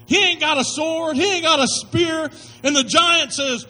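A man's voice: extremely high pitch, normal speed, sharp tone, rough recording. A male pastor preaching a sermon, telling stories in folksy slang with emphatic delivery.

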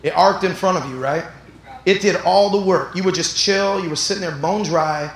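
A man pastor preaching a sermon, telling animated stories that build up to shouts. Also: sits high, moderate pace, roomy sound, rough recording. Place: church sanctuary.

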